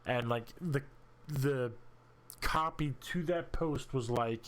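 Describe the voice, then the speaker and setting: A man's voice: mid-range voice, takes it slowly. A man in casual chat on a stream, adding dry, wry comments.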